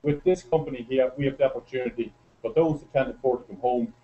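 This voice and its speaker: A middle-aged Irish man speaks to a gathered audience in an excitable, chatty way, telling stories as he goes. His voice sits in the middle of the range. The recording sounds dull and lo-fi. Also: mid-range voice, fast. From Ireland. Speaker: presenter at a business meeting. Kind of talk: speech to a live audience. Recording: muffled lo-fi recording.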